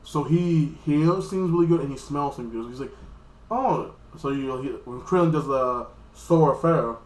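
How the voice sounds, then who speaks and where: An American man giving a casual, rambling and profane recap of an anime episode, now and then jumping into high, squeaky mock voices. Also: moderate pace, a little mellow, roomy sound, rough recording. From United States. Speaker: anime reviewer.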